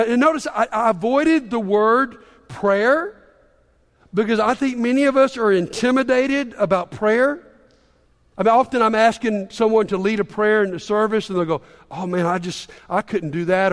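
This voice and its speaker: Pastor guy, high voice, chatty sermon in a big echoey church hall. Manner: conversational preaching, acts out quoted voices. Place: church sanctuary.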